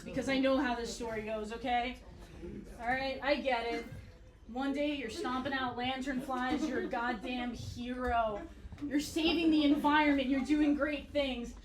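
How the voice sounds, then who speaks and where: A woman doing a stand-up comedy set with a dry, blunt, profane deadpan delivery. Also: high-pitched, measured pace, crowd noise. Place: comedy club stage. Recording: roomy club sound from far off. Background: audience laughter.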